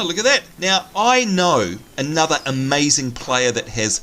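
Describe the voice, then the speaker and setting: A man's voice: fairly high pitch, measured pace, slight background noise. Chatty Australian man hosting a game. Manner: chatty, excitable, teasing. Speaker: host. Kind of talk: casual game commentary.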